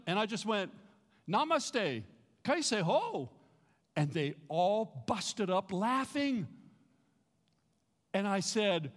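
A man preaching in a large hall, his slightly high voice carrying with a long echo. He tells stories with lively animation and has the congregation repeat phrases back to him. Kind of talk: sermon. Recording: reverberant hall.

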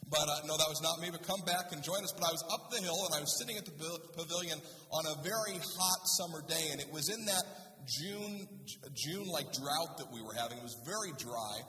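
A male pastor telling a humorous story in a sermon, animated and lively. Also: a little high, brisk, slight background noise. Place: church sanctuary. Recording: roomy church hall, voice from a distance.

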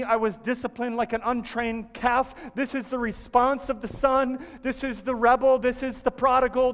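A man preaching a sermon as a pastor, earnest, moving between hushed, soft passages and emphatic ones. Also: sits high, long reverb tail.

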